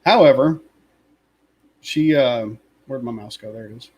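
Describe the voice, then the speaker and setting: A man's voice: medium pitch, measured pace, a little mellow, husky, rough recording. A man co-hosting a casual fan chat, rambling and opinionated, with lots of fillers and asides. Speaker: podcast co-host.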